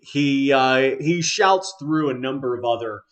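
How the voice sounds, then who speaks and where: A man narrating a tabletop game as game master, slow and halting with many filler sounds. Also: mid-range voice, fairly bright tone, highs cut off.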